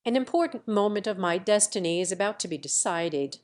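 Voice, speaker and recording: A woman's voice: mid-range voice, animated, fairly quick, close to an everyday voice. A woman voicing a proud young woman who speaks in a composed, coolly businesslike way.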